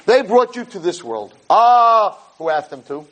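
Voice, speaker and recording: A man giving a podcast Torah class in an animated way. He stumbles over repeated words as he builds each point and acts out parents and kids in quick asides. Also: sits high, slight background noise. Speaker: Torah lecturer.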